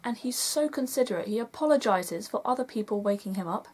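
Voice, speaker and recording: A woman's voice: on the high side, expressive, fairly quick, darkish tone. A young woman vlogging in a chatty, enthusiastic way, gushing as she counts down a list. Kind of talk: casual vlog countdown.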